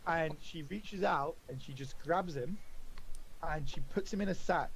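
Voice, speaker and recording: A man narrating as game master in a casual, halting way, full of fillers and quick laughs. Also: on the high side, gravelly, slight background noise, poor audio.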